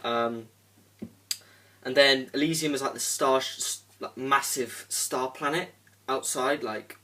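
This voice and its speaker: A man's voice: medium pitch, steady tone, takes it slowly, sharp tone. A young man giving a casual spoken film review, rambling with lots of fillers and the odd swear word. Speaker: movie reviewer. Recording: voice a bit distant from the mic.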